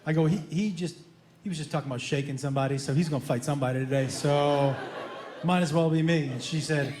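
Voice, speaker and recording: A man performing stand-up, telling a story with lively energy and acting out other people's lines in put-on voices. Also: a little high, quick pace, a little hiss or hum. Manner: animated, acts out his son's lines in a childish voice. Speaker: stand-up comedian. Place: comedy club stage. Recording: echoey club with loud crowd laughter.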